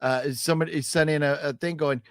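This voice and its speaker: A man's voice: fairly high pitch, steady tone, a little fast, no echo, clean studio sound. A man hosting a casual podcast stream, tipsy from drinking, rambling and joking as he reads out viewer comments. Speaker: podcast host. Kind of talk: casual livestream chat.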